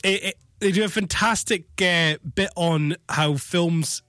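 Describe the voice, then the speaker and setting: A man's voice: sits high, measured pace, pushed and bright, dry recording, studio quality. A man enthusiastically summarizing a film's plot in casual chat, stumbling on words now and then. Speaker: film podcast co-host. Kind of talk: casual film review chat.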